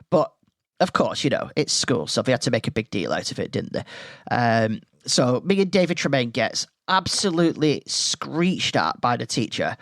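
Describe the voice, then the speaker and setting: A man's voice: fairly high pitch, no room sound, clean studio sound. A man hosting a podcast, telling a school story in a casual, rambling way full of tangents. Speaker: podcast host.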